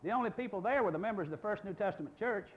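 Older male pastor in his 60s, high animated voice, emphatic sermon delivery, muffled lo-fi recording. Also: rapid-fire. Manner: emphatic preaching with rhetorical questions.

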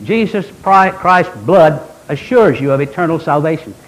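A man's voice: fairly high pitch, expressive, normal speed, poor audio. A man preaching a fervent, emphatic Baptist sermon, now and then mimicking imagined objectors. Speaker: Baptist pastor.

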